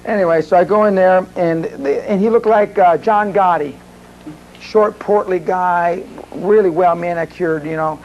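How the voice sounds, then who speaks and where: A man addresses a seminar crowd in a fairly high voice, spinning long, rambling anecdotes. He slips into the voices of the people in his stories as he goes. A faint hum of the room sits underneath. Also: measured pace, darkish tone, lo-fi sound. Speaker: seminar speaker. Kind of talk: live seminar storytelling.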